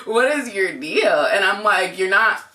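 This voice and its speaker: A young woman co-hosting a couple's channel, telling a story in a casual, animated way, full of "like" and acted-out quotes. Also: mid-range voice, a little slow. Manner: animated, heavy use of "like", acts out quotes. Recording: voice a bit distant from mic.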